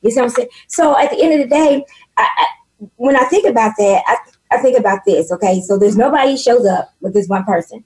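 A woman guest on a talk show, speaking loudly and with animated, preachy storytelling about faith and business. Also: fairly high pitch, quick pace, slightly rough, rough recording. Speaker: podcast guest. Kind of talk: casual faith and business chat.

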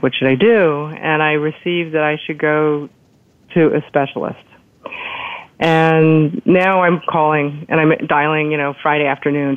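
A woman telling a personal story in a casual, lively way, acting out the people she quotes. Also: low voice, no echo. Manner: lively retelling, acts out quoted doctors. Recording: tinny phone-line sound.

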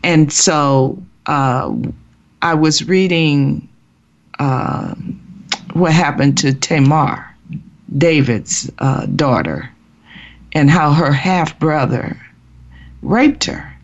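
A woman speaks slowly and earnestly as she shares a personal faith testimony. She often stops and restarts her sentences. The recording sounds muffled and lo-fi. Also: low-pitched, expressive. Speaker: guest sharing her testimony.

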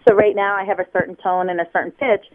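A woman from the United States, a body language expert, explaining on a radio show in a lively teaching tone over the phone. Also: mid-range voice, quick pace. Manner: lively teaching tone, acts out examples. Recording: tinny phone line.

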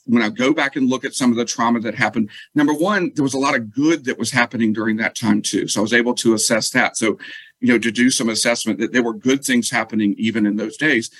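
A man tells a personal story as an interview guest, starting and restarting his sentences. His voice sits at a middling pitch. The sound is close and dry, with no room around it. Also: fairly bright tone, no echo, low-quality recording. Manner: earnest, halting, with many restarts.

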